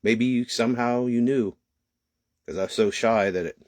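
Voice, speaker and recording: A middle-aged man giving a personal testimony, halting and emotional, fighting back tears, with many pauses and restarts. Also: medium pitch, darkish tone, no room sound, clean studio sound. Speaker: testimony speaker.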